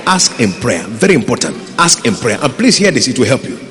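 A man's voice: mid-range voice, big pitch swings, quick pace. A man preaching a sermon as pastor, impassioned and calling out to his congregation. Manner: impassioned, rising and falling between loud pleas and quiet asides; calls out to the congregation. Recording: long reverb from a large hall.

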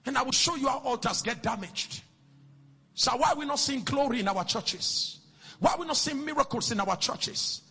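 A man preaching a sermon in a sing-song cadence that swells into shouts, repeating phrases and questioning the congregation. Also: very high-pitched, normal speed, creaky, husky. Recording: long reverb with faint music.

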